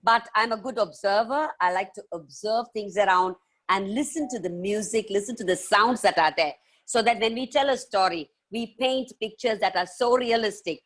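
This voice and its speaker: A woman telling stories to children on a video call, playful and animated, full of sound effects. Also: mid-range voice, normal speed. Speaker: children's storyteller and author. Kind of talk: live storytelling session for children.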